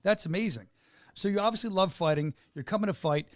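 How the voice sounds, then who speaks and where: An upbeat male podcast host who talks fast and pushes the energy like a hype man. His voice sits a bit high for a man. The sound is dry and close. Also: no room sound. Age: adult with two children. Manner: upbeat hype-man talk, quick and repetitive. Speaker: podcast host and fight announcer. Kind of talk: casual interview chat.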